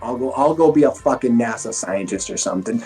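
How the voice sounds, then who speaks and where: A man's voice: medium pitch, a little fast, soft background music. A middle-aged man, a former fighter turned police instructor, telling stories in casual, profane interview chat. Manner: profane, animated storytelling with acted-out quotes.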